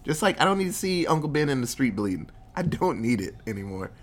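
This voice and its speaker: Lively, animated man in casual chat. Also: fast talker. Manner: animated, profane, acts out characters with big pitch jumps. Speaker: podcast co-host. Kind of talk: casual movie review chat.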